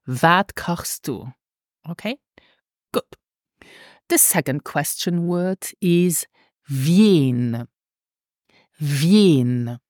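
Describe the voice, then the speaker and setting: A woman teaching a language lesson, patiently repeating words slowly for pronunciation. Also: deep voice, a little mellow, dry recording, studio quality.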